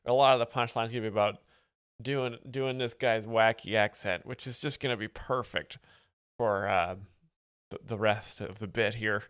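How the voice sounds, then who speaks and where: Young male host, deadpan pseudo-expert, rambling, close mic, smooth tone. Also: on the low side, moderate pace. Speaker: livestream host explaining comedy. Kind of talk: deadpan mock-expert commentary.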